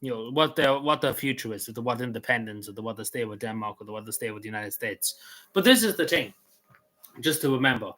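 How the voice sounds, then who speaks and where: A man's voice: medium pitch, lively intonation, brisk, bright, forceful tone. A man with a Cavan Irish accent, chatting casually to his viewers on a livestream in a rambling way, with many restarts and fillers. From Ireland. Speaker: vlogger.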